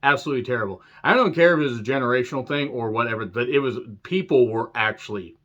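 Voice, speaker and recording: A man's voice: medium pitch, fast, fairly bright tone. A man giving a casual, rambling wrestling review with sarcastic, crude humor. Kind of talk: casual spoken video review. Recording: dull lo-fi sound.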